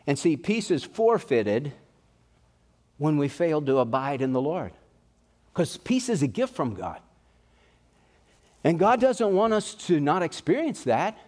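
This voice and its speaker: A man's voice: fairly high pitch, big pitch swings, a little slow, pauses often, a little mellow. A male pastor with an East Texas accent preaching a sermon, earnest and pleading, with rising and falling emphasis.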